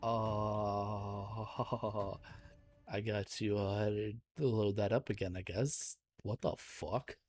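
Young male streamer, low voice, loud exasperated cursing reactions, faint music under. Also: steady tone, very slow, no echo. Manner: exasperated, swearing, reacting loudly to the game. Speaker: game streamer. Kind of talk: live gameplay commentary.

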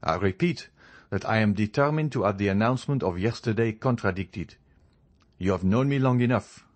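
A man's voice: fairly low pitch, animated, unhurried. A man reading a proud young nobleman in a storybook, speaking coldly, formally and with determination. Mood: indignant.

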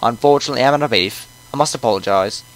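A kindly old landlord speaks in a put-on British accent, unhurried and courteous, voiced by a man. His voice sits at an ordinary middle pitch for a man. He talks in an old-fashioned, polite manner. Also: natural voice, poor audio.

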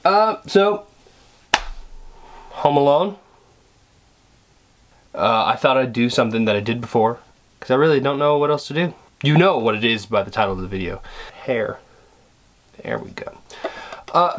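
Chatty man with lively pitch. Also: moderate pace, pauses often, slight background noise. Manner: rambling, self-deprecating, chuckling. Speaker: vlogger. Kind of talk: casual chat to camera.

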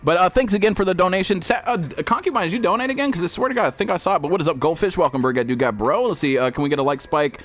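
A man streaming a survival game live, cursing and yelling to his chat and teammates for help, then reading out donations. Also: high voice, racing, hardly any pauses. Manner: panicky, profane, yelling for help. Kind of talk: live gameplay commentary.

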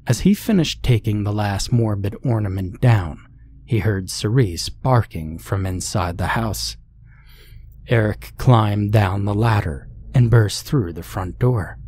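A man narrating a scary story in a calm, measured scripted reading. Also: on the low side, slightly rough.

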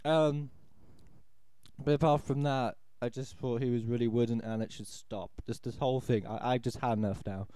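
A man's voice: medium pitch, fairly even intonation, moderate pace, dark tone, clean tone, no echo. A man giving a rambling, exasperated, sarcastic spoken film review. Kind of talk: ranting audio film review.

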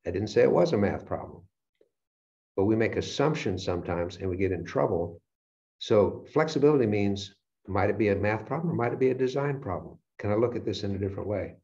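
Brief: low-voiced male lecturer, animated storyteller, dull lo-fi recording. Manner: animated storyteller acting out his own reactions. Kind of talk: motivational lecture. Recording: dull lo-fi sound.

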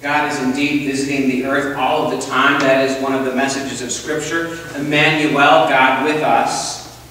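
A man's voice: mid-range voice, level tone, normal speed, pushed and bright, a little hiss or hum. A male pastor preaching a sermon in church, telling a story and putting questions to the congregation. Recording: echoey church hall, distant mic.

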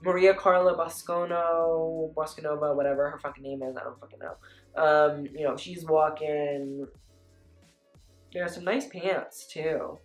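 Casting note: woman with a lowish voice, casual fashion vlogger, chatty and blunt, echoey room, soft music behind. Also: flat delivery, measured pace. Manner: chatty, frequent "like" and "you know", blunt swearing. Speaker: fashion commentator.

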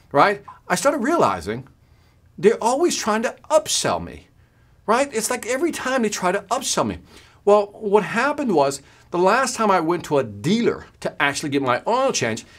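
A man's voice: sits high, fairly bright tone. A man giving a workshop talk as a sales trainer, telling a story and acting out both sides of the conversation, checking in often with "right?".

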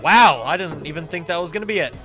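Excitable high-voiced young man gaming. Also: fast, faint music behind. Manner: excitable, shouting reactions and laughing. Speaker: gaming YouTuber. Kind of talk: let's play commentary.

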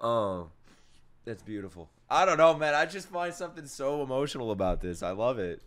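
Man, anime reaction host, excitable, emotional, swearing, slightly high voice. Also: fast. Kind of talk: live reaction commentary. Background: anime soundtrack playing.

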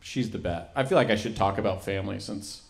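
A young man performing a stand-up set, animated and leaping into high excited voices for the people in his stories. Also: fairly quick, creaky. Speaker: stand-up comedian. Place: comedy venue. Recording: loud laughing crowd.

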